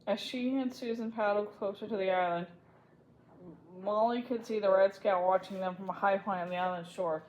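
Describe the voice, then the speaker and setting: A woman's voice: mid-range voice, fairly even intonation, moderate pace, darkish tone, dull audio, slight background noise. Woman reading a children's book aloud. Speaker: storybook reader.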